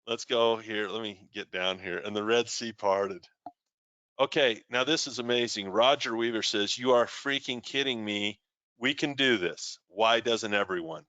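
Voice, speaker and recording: A man's voice: medium pitch, sharp tone, no echo, dull audio. A man hosting a live trading show, reading out viewer comments and telling stories in a chatty way. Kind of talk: live-streamed trading talk.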